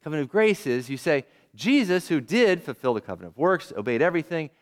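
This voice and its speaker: A man's voice: a little high, sing-song, fast talker. A male pastor preaching a sermon in an emphatic, conversational way, asking his listeners questions as he teaches.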